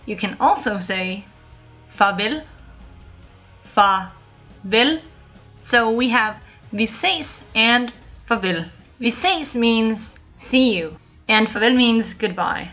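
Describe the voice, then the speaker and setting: Bright-voiced Danish woman teaching phrases. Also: a little high, lively intonation, highs cut off, soft background music. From Denmark. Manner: clear, slow model pronunciation with repeated phrases. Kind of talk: scripted language lesson.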